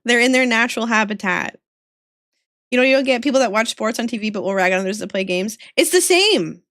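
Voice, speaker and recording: A young woman chats with her livestream viewers while she draws, laughing often. Her voice sits a little high, with a faint Southern accent and a few New York vowels slipping through. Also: fairly even intonation, fast talker, a bit bright, dry recording, studio quality. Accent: slight Southern US with some New York vowels. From American South. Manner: giggly, laughs often, chatty. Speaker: streamer drawing art live. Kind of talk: casual livestream chat with viewers.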